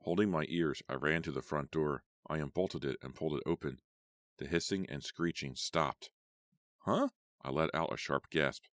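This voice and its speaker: Very deep-voiced male audiobook narrator. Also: steady tone, no echo, studio quality. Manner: measured storytelling. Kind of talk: first-person horror audiobook narration.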